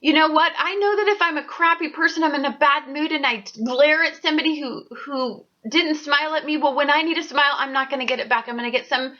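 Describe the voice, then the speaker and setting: A high, bright-voiced woman talks straight to her viewers about astrology and tarot, blunt and profane, and her talk keeps flaring into heated outbursts. The sound is dull and lo-fi. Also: fast talker, hardly any pauses. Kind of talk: ranting spiritual vlog.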